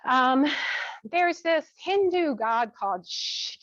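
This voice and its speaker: Lady yoga teacher calling out poses, friendly little asides, flat muffled sound. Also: a little high, unhurried, no echo. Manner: gentle, cueing step by step with chatty asides. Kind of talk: guided yoga class instruction. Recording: dull, dry lo-fi sound.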